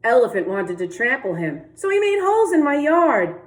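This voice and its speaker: A woman voicing a fussy, indignant little male rabbit in a children's storybook, squealing high when upset. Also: big pitch swings, moderate pace. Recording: echoey room.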